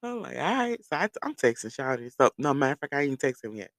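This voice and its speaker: A man telling a long personal story to his viewers in a loose, animated, profane way, laughing as he goes. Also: medium pitch, rapid-fire, no echo. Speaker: vlogger. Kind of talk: casual storytelling.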